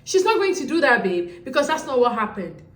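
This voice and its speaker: Woman, sassy recap host, lively quoted asides, slightly high voice, roomy echo. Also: a little fast. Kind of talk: casual recap commentary.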